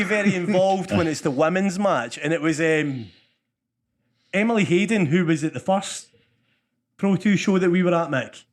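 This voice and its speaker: A man's voice: sits high, lively intonation, normal speed. A Scottish man co-hosting a podcast, telling stories in casual chat, swearing and laughing often. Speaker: podcast co-host.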